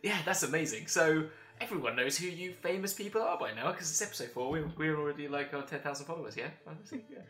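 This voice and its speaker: A man hosting and running a tabletop game, chatty and quick to laugh at himself. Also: a little high, lively intonation, a bit bright, roomy sound, faint music behind. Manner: chatty, laughs often, self-deprecating. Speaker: game master and host.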